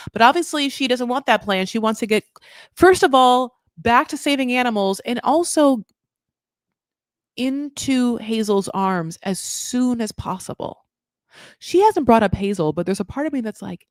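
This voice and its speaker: A woman hosting a comedic recap of a reality show, talking in an animated, jokey way, laughing often and acting out what people said. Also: a little high, measured pace, no echo, studio quality.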